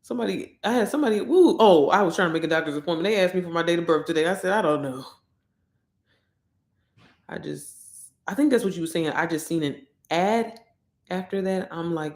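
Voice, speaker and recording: A woman, chatting excitably on a casual livestream and talking straight to her viewers. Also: fairly low pitch, brisk. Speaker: online course promoter. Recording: echoey room.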